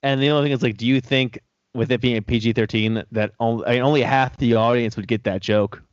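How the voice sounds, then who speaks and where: A man as a podcast guest in casual chat, calm and factual with a wry edge. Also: mid-range voice, fast, no echo. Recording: dry, dull lo-fi sound.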